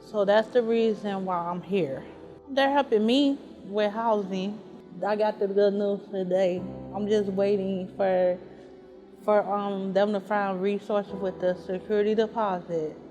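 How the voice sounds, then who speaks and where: A woman's voice: mid-range voice, steady tone, measured pace, warm tone, lo-fi sound, faint music behind. A woman from Chicago speaking earnestly and emotionally in a documentary interview, often repeating herself. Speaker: interviewee, mother seeking housing.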